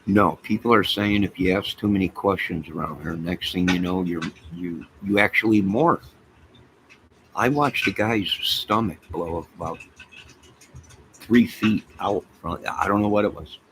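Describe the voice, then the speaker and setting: A man's voice: low voice, measured pace, poor audio. A man hosting a casual livestream from home, rambling through stories and talking to his chat and his pets. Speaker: livestream host chatting with viewers. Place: home apartment by a fire. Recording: steady background noise.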